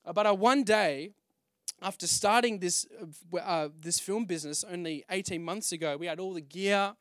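A young man with a high voice tells his own story from the pulpit, loose and conversational, with restarts and fillers. He breaks into his past exclamations as he goes. The sound is dry and close. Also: fairly bright tone, no room sound. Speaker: pastor. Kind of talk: testimony sermon.

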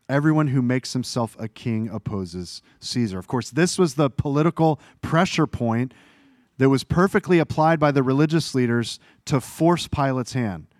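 Guy preaching a sermon, reads verses out loud, voice swells and drops, dry close mic. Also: mid-range voice, dry recording. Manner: reads scripture aloud, voice rising and falling with emphasis; earnest, explanatory preaching with small self-corrections. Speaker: pastor.

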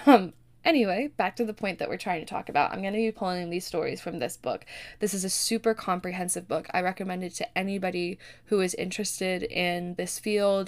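A woman's voice: mid-range voice, gravelly. A young adult woman hosting a solo podcast, talking earnestly with frequent ums and self-corrections. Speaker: podcast host.

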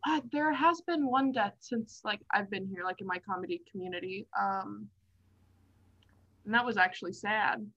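A woman's voice: medium pitch, normal speed, fairly bright tone. A woman comedian co-hosting a podcast, chatting casually in a giggly, earnest way. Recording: dull, lo-fi sound.

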